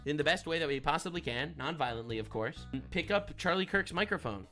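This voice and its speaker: Guy streamer ranting politics, preachy, keeps going "all right?", slightly high voice. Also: animated, a little fast, pushed and bright, soft background music. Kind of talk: political talk on a live stream.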